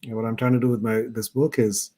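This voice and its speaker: A man's voice: mid-range voice, flat delivery, fast, warm tone. Middle-aged man, mid-range voice, earnest reflective guest speaker over a video call. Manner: earnest, thoughtful. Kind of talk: reflective personal storytelling talk.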